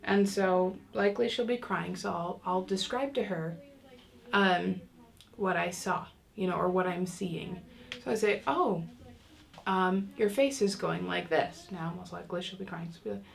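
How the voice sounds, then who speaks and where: A woman's voice: fairly low pitch, fairly even intonation, normal speed, gravelly. A woman teaching a casual online parenting lesson, talking in a chatty way with many fillers and restarts. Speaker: parenting class instructor.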